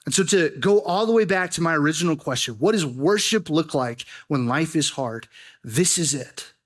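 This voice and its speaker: A man's voice: fairly high pitch, lively intonation, moderate pace. A young adult man preaching a sermon as a student pastor, telling a personal story and then building to earnest, urgent emphasis.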